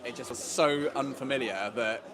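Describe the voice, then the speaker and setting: A man co-hosting a climbing festival livestream, chatting in a jokey, teasing way outdoors. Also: medium pitch. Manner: jokey, bantering, quick to tease. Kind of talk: casual live commentary chat. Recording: crowd noise behind. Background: festival crowd.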